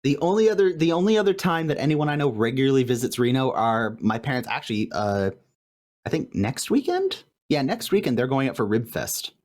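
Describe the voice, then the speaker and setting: A man co-hosting a podcast in casual recap chat, animated and laughing often as he quotes lines. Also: medium pitch, a little fast. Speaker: podcast co-host. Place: home room with light fan noise.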